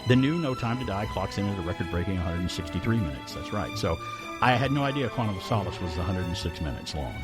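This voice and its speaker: A man hosting a radio show, chatting casually through trivia numbers in an animated way and laughing often. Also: deep voice, fast talker, over loud music. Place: radio studio. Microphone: studio microphone.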